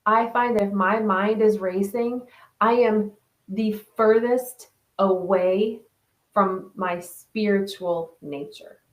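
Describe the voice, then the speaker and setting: A woman hosts a casual reflection session for an online group. She talks in a loose, conversational way, reading out comments from participants and answering them. Her voice sits at a middle pitch and has a clear, roomy echo. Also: fairly even intonation, slow. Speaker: wellness group host.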